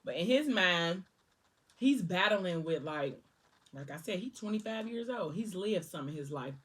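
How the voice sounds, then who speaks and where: This book vlogger has a lowish, slightly rough, somewhat bright voice with lively intonation, and she takes her time. Eating as she talks, she loosely recaps scenes from a novel, slipping into the characters' lines with "he was like" and "she was like." She sits far from the mic.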